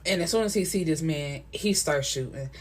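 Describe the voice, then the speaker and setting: A woman's voice: sits low, normal speed, slightly rough. A woman casually recapping a novel's plot, chatty, with many fillers and quoted lines from the characters. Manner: chatty retelling with frequent fillers and quoted dialogue. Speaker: book reviewer.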